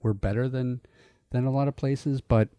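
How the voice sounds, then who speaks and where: A man from Canada hosting a casual podcast, talking in halting starts and restarts. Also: mid-range voice, fairly even intonation, mellow, clear, resonant tone, dry recording. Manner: hesitant, lots of restarts and fillers. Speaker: podcast host.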